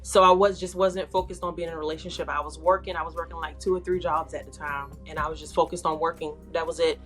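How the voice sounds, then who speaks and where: A woman's voice: deep voice, fairly even intonation, fast, fairly bright tone, soft background music. A young adult woman telling her life story candidly as an interview guest, talking casually with many fillers. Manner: candid, conversational, with frequent fillers like "like". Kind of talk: personal testimony.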